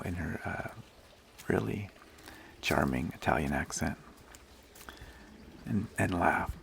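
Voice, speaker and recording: ASMR host, man, very low gravelly voice, slow gentle whispery delivery, faint outdoor hush behind. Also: a little hiss or hum. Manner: whispery, gentle, unhurried storytelling. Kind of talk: soft-spoken ASMR talk. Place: outdoors on a nature hike.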